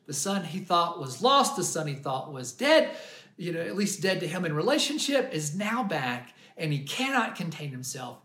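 A man's voice: sits high, a bit bright. A man preaching a sermon as a pastor, retelling a parable in an earnest storytelling manner with frequent restarts. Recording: roomy echo.

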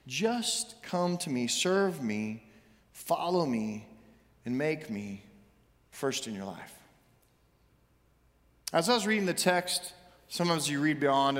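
Animated preacher with high pitch. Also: male voice, big-room sound. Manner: animated, acts out scripture voices, shouts for emphasis. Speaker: pastor. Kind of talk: sermon.

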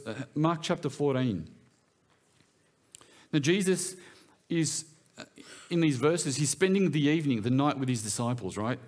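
A man's voice: fairly high pitch, a little mellow. A man preaching in a church, talking in a conversational way and often putting questions to his listeners. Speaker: pastor. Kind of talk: sermon.

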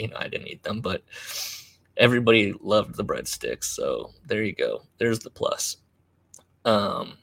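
Gravelly, low-voiced man telling a wry story. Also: a bit bright. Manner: wry, self-deprecating, halting with fillers. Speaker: podcast host. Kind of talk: casual storytelling monologue.

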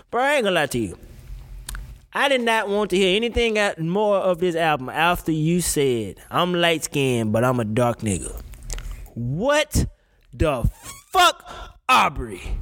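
A man hosting a casual talk show, ranting in an emphatic, profane, slang-heavy way. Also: a little high. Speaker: podcast host. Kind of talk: casual opinion rant.

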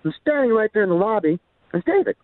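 An animated male musician spins a story with many fillers and casual swearing. His voice sits a bit high and leaps around in pitch. The sound is dry and tinny, as if heard over a phone line. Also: fast talker, dry recording. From Montebello, California. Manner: swears freely, many fillers, builds to excitement. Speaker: musician guest.

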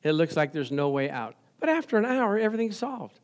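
High-voiced excited man preaching. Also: fairly quick. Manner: excited, laughing often, asks the congregation questions. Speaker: pastor. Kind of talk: sermon.

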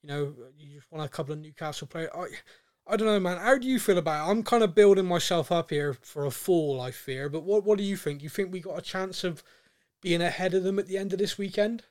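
A man co-hosting a football podcast in casual chat, animated and laughing often. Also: sits high, brisk, dry recording, studio quality. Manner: animated, laughing, mimics a manager's rants. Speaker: podcast co-host.

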